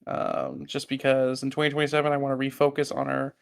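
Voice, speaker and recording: Smooth-voiced casual male host. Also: medium pitch, big pitch swings, fairly quick. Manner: loose, casual, swears freely. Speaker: host and server owner. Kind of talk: casual podcast chat.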